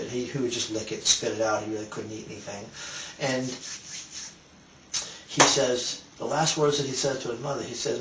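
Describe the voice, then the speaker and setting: A man retelling a personal story in a halting, emotional way, with frequent restarts. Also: mid-range voice, vocal fry, slight background noise. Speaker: speaker telling a personal story. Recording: roomy sound from a distant mic.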